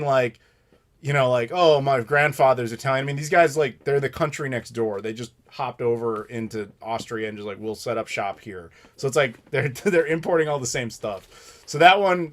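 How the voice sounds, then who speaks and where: An American man in his thirties hosting a live stream Q&A, opinionated and ranting, swearing casually as he answers viewers. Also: medium pitch. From United States. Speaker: channel host answering live questions.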